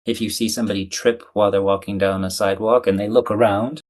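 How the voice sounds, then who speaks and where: A low-pitched man, talking through ideas in an animated, conversational manner. He explains things plainly and sometimes acts out what other people say. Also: quick pace. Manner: animated, playfully acts out quoted voices. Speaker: guest, communication coach. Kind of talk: conversational interview.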